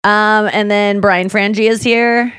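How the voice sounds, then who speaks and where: A woman's voice: medium pitch, steady tone, unhurried, a bit bright, smooth, no echo. A woman hosting a casual podcast from her studio, chatty and self-deprecating, her voice a little smoky and worn from the morning. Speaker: podcast host.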